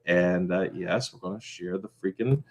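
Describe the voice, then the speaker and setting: Speaking in a low voice at a moderate pace, a man who runs a small crafts business channel gives a casual vlog update from his home. He rambles and apologizes, filling his talk with ums and false starts.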